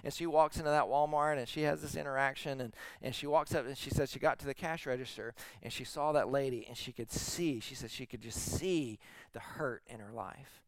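A man's voice: medium pitch, fairly quick, few pauses, no echo. Man preaching a dry, close-miked sermon. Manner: conversational storytelling preaching, swings from soft to emphatic. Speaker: teaching pastor.

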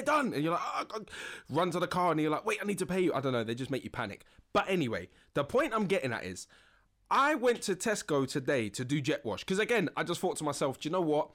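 Podcast host, young man, slightly high voice, animated rambling storyteller. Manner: animated, chatty, many fillers and restarts. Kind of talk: casual storytelling monologue.

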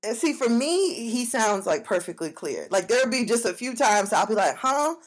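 A woman's voice: fairly high pitch, big pitch swings, moderate pace. A young woman from Africa co-hosting a podcast, chatting candidly and casually with plenty of slang. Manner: candid, slangy, laughs easily. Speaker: podcast co-host. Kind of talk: casual chat.

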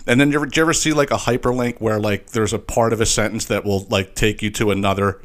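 Rambling, cursing podcast host, slight Philly accent. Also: male voice, on the low side, quick pace. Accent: slight Philadelphia. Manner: rambling, animated, frequent profanity and restarts. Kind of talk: casual profane monologue.

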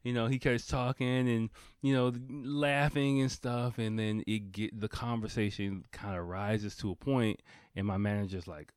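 A man's voice: on the low side, fairly even intonation, normal speed, a little mellow, no echo, clean studio sound. Rambling, profane man in his thirties. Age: 30s. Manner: rambling and profane, with frequent laughs and fillers. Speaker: vlogger. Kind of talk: casual storytelling.

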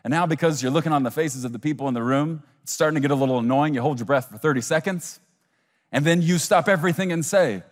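A man's voice: a little high, fairly quick, long reverb tail. A man preaching a sermon as a pastor, acting out imagined listeners and little scenes as he goes.

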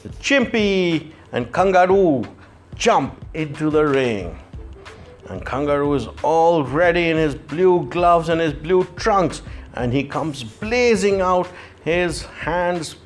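A man's voice: on the high side, lively intonation, slow pace, faint music behind. A man telling a playful children's story in the manner of a boxing commentator.

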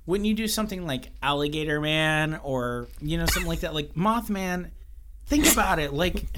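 A man co-hosting a podcast in casual chat, animated and joking as he tells stories. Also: on the high side, normal speed, background noise. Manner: animated, joking storyteller, swears freely. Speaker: podcast co-host.

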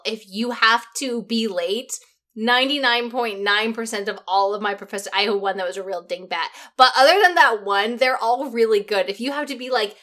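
A woman's voice: a little high, pushed and bright. A woman co-hosting a podcast in a casual, chatty way, laughing easily between points. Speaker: podcast co-host.

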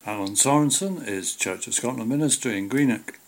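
A man presenting a radio programme, introducing items in a measured, plain way. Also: mid-range voice. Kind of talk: radio link announcements.

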